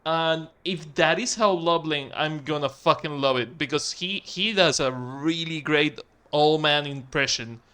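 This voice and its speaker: Excitable swearing gaming streamer man. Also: a little high, measured pace, clean tone. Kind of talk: casual let's-play commentary.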